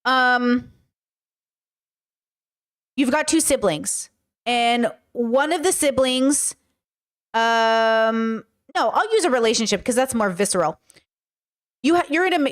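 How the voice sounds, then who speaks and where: Fields: Sex: woman. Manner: chatty, frank, slightly high voice. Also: animated, unhurried, long pauses. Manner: chatty, frank, swears, acts out quoted speech. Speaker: podcast host. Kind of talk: casual commentary reacting to chat.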